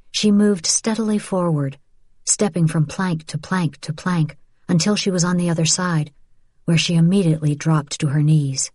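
Woman narrator, audiobook reading, low pitch, even measured delivery, dry close recording. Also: breathy edge, dry recording. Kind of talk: scripted narration.

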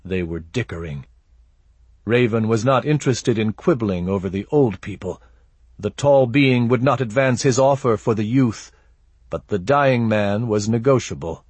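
A man narrating a dark fantasy audiobook in a measured, grave storytelling manner, recorded close on a studio mic. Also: on the low side, breathy edge, dry recording. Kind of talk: scripted narration.

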